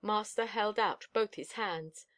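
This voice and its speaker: A woman narrating an audiobook in steady, expressive storytelling, told as the dog's own account. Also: medium pitch, measured pace.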